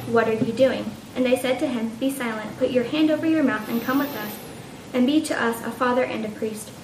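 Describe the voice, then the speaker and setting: A woman reading a long scripture passage aloud in a steady, even manner. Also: on the high side. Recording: roomy, distant from the mic, noisy.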